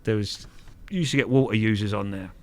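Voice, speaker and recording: A middle-aged man recounts stories in a casual interview. He is frank and earthy, swears without fuss, and often restarts his sentences. His voice sits slightly low. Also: quick pace, slight background noise. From Kent, England. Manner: frank, earthy, swears freely, repeats words. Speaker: guest angler.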